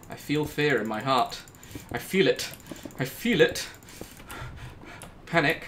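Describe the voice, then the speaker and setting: A man giving casual, jokey commentary as he plays a video game, talking himself through it and breaking into high squeals when something startles him. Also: animated, takes it slowly, long pauses, fairly bright tone, a little hiss or hum. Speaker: gaming YouTuber.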